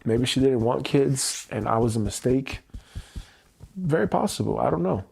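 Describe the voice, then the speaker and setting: Male livestream host with a mellow, gravelly voice, reflective and open. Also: medium pitch, lively intonation. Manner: slow, candid, searching self-reflection. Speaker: EFT tapping livestream host. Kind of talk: personal reflective livestream talk. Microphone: livestream mic.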